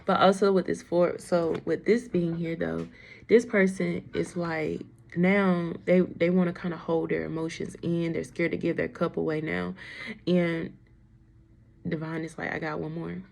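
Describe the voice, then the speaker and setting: A woman's voice: fairly low pitch, flat delivery, a little slow, vocal fry, a little mellow. A woman giving a casual, emotional tarot reading on a livestream, chatting straight to her viewers. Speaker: tarot reader.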